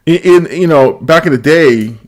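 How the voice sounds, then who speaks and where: A man's voice: fairly high pitch, normal speed. A man hosting a casual live stream, reading viewer comments aloud and laughing often. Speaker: show host.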